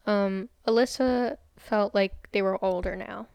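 A young woman with a smooth, resonant voice talks through a crime case in a casual podcast chat. The recording is dry and close, in a room with the window open. She tells it step by step, relaxed and unhurried, with easy fillers. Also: mid-range voice, dry recording. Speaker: podcast co-host.

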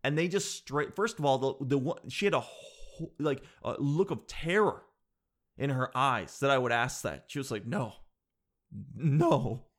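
A man's voice: medium pitch, animated, moderate pace, fairly bright tone. Rambling sarcastic guy. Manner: rambling, sarcastic, laughs at own jokes, says "dude" a lot. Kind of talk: comedic storytelling monologue.

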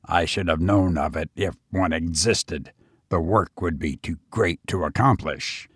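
A man voicing a gruff, distrustful brigand from a storybook, speaking low and hushed in a very deep voice. The tone is husky, and the delivery is slow and guarded. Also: dry recording, studio quality, exaggerated voice. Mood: urgent.

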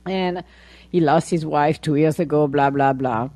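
A woman hosts a podcast in a relaxed, chatty way, acting out her side of the story with plenty of laughter. Her voice sits low and sounds mellow rather than bright. The recording is dry, with no room sound. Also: measured pace, dry recording. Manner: animated storytelling, laughing often, acting out her own replies. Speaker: podcast host. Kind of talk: casual chat.

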